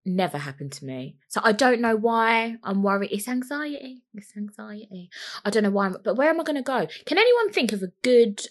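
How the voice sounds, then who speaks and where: A young woman hosting a solo podcast, rambling, cheeky and swearing freely as she chats into the microphone. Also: on the high side. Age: young adult. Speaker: podcast host.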